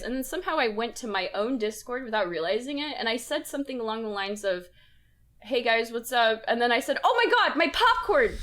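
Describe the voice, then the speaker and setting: Animated young woman telling a story. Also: a little high. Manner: animated storytelling, laughs often. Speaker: podcast co-host. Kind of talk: casual chat.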